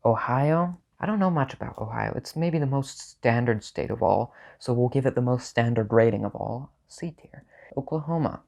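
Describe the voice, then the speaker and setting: A man hosting a casual comedic video, talking in a dry, offhand, mock-opinionated way with sudden jumps in pitch. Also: moderate pace, vocal fry, hardly any pauses, darkish tone. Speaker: video host ranking states. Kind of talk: casual, deadpan comedic monologue.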